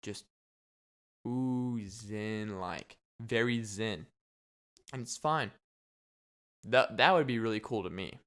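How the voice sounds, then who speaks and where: Smooth-voiced young man joking around. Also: on the low side, lively intonation, a little slow, long pauses, fairly bright tone. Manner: rambling, joking, laughs often. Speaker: podcast host. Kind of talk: casual solo podcast monologue.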